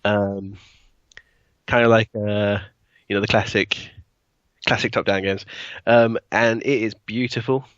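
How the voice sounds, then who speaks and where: Male podcast co-host, hesitant and loose, lowish voice, dry and a bit muffled. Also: fairly even intonation, unhurried, a bit bright, no room sound. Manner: hesitant, many ums and likes. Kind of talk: casual chat.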